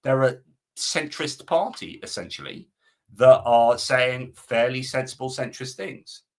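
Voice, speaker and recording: A man's voice: medium pitch, measured pace. A man hosting a live stream, chatting, reading viewer comments and giving rambling opinions. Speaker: host.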